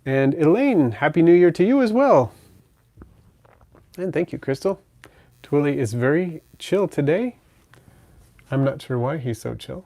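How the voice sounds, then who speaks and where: Gravelly-voiced man chatting on a livestream. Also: a little high, unhurried, long pauses, no echo. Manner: relaxed, chatty, coos softly to his pet bird. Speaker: pet channel livestream host. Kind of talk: casual livestream chat reading viewer comments.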